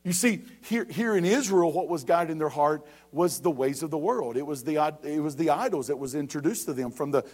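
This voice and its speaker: High-voiced preacher. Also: male voice, darkish tone. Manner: preaching with rising emphasis and repeated calls of "you ready?". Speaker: pastor. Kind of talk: sermon.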